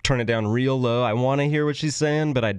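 Smooth-voiced man, dry studio sound. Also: mid-range voice, brisk, dry recording. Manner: laughs easily, frank opinions. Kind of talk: casual studio chat.

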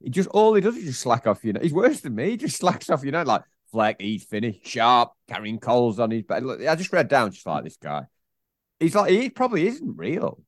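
A man's voice: mid-range voice, sing-song, a little fast, hardly any pauses, dry recording, studio quality. A man co-hosting a podcast in rambling casual chat, full of restarts and fillers. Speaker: podcast co-host.

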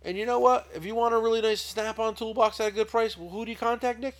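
A man's voice: high voice, steady tone, fast talker. A middle-aged man hosting a casual podcast, talking in a rambling, profane way with many repeated words. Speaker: podcast host, tool shop owner. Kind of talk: casual chat.

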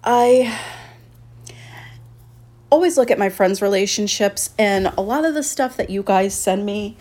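Woman podcast host, solo casual monologue, mellow tone, blunt and profane, drifts between topics. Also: mid-range voice, a little slow. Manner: candid and blunt, swears freely, drifts off on tangents.

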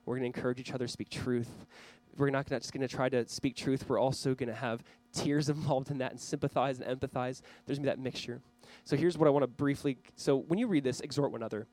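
A man's voice: mid-range voice, steady tone, fast talker, few pauses, darkish tone, rough recording. A man preaching a sermon as pastor, earnestly urging his listeners. He speaks straight to a camera for viewers watching online.

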